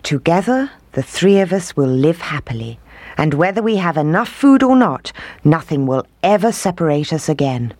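A storyteller voicing a relieved, tearful woodcutter father who speaks slowly and warmly from the heart. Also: medium pitch, big pitch swings, no room sound. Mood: heartfelt. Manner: slow, heartfelt.

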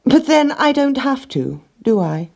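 A woman's voice: high voice, very animated, unhurried, creaky, darkish tone, pitched above the performer's own voice, heavily acted. A woman voicing a sly, selfish male rat in a storybook, speaking in a smug, wheedling way.

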